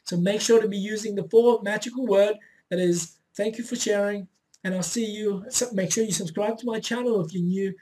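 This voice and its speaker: A man's voice: high-pitched, fairly even intonation, fairly quick, warm tone, slight background noise. Man giving a chatty motivational talk. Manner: conversational, checks in often with "right?" and "all right?"; loose and unpolished, with frequent fillers and restarts. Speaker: self-help vlogger. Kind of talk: casual motivational talk to camera.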